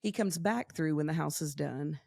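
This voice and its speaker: A woman's voice: low voice, normal speed, creaky, breathy edge, dry recording, clean studio sound. A woman, a nonprofit founder telling her story in a casual interview and acting out the voices of the people in it. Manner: lively storyteller acting out quotes.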